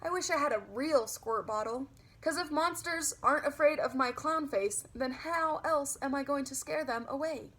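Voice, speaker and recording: A woman voicing an excitable, mischievous first-grade girl who squeals and shrieks. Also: high-pitched, moderate pace, voice pushed up. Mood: frustrated.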